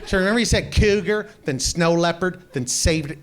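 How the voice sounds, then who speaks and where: A man doing a stand-up comedy routine on a club stage into a handheld mic, telling stories in a brash, animated way. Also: sits high, moderate pace.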